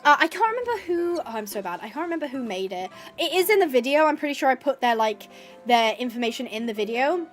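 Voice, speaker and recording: High-pitched bubbly young woman streamer. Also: very animated, fast, faint music behind. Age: 20s. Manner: bubbly, gushing, frequent laughter and filler words. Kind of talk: casual chat while gaming.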